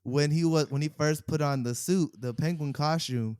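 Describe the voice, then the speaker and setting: A young man co-hosting a podcast, chatting casually and telling animated stories with laughs mixed in. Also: fairly high pitch, normal speed, smooth, no echo, studio quality. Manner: animated storyteller, laughs mid-sentence. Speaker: podcast co-host. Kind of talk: casual chat.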